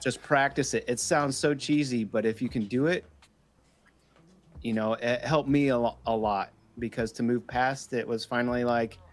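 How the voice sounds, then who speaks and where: A man's voice: medium pitch, steady tone, normal speed. Earnest man in his thirties on a podcast. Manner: earnest, encouraging, emphatic, swears for emphasis. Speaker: podcast co-host. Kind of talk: casual conversational podcast chat.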